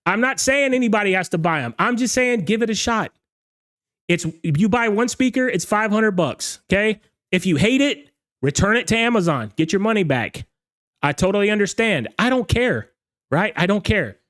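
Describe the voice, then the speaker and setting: A man hosting a DJ show, ranting in a casual, emphatic way and often checking in with "okay?", his voice slightly hoarse from talking all night. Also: sits high, animated, normal speed, a bit bright. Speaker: DJ show host. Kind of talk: casual livestream rant.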